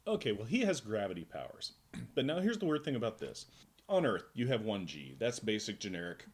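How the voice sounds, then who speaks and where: A man's voice: fairly low pitch, sing-song, brisk. A man co-hosting a casual comic book podcast, explaining plot holes with long, playful pseudo-scientific theories. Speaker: podcast co-host. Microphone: podcast microphone.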